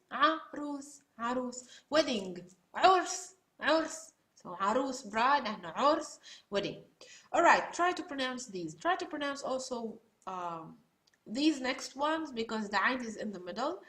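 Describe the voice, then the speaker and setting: A woman's voice: fairly high pitch, bright, forceful tone. A woman teaching Arabic pronunciation in an online lesson, patiently demonstrating sounds and laughing at herself now and then. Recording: echoey room.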